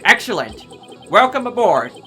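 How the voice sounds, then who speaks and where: A woman's voice: mid-range voice, very animated, normal speed, a bit bright, faint music behind, pitched above the performer's own voice. A woman voicing a boy who plays a blustering drill sergeant through a drone, barking orders in a bossy military drawl.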